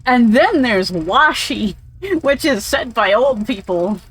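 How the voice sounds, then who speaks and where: A woman's voice: fairly high pitch, expressive, takes it slowly, fairly bright tone, slightly rough, faint music behind, poor audio. A woman casually commentating while playing a game, rambling and swearing freely. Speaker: let's play streamer.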